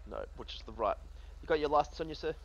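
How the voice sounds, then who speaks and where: A man's voice: on the high side, fast, close to an everyday voice. A man playing a patient, procedural police sergeant in a role-play game. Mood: businesslike. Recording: slightly muffled with faint vehicle hum.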